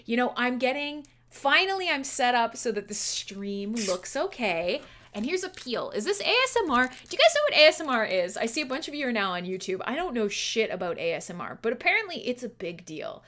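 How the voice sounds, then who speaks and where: Giggly, bright-voiced woman streamer. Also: on the high side, sing-song, brisk. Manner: giggly, swears freely, chatty and scattered. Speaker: livestream radio show host. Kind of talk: casual livestream chat. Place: home streaming setup.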